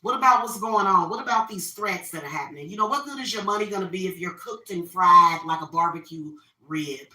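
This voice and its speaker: Venting woman, bright and roomy. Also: on the low side, fairly quick, hardly any pauses, recorded from a distance. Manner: opinionated, venting, repeats herself. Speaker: spiritual reader and vlogger. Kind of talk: casual rant while carving a pumpkin. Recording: roomy echo, voice off-mic.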